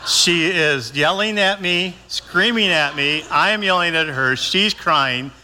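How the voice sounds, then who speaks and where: Preaching slowly in a slightly high voice, this older pastor keeps his sermon folksy and conversational, performing his own lines along the way. Background noise runs underneath, and the sound carries a long hall reverb.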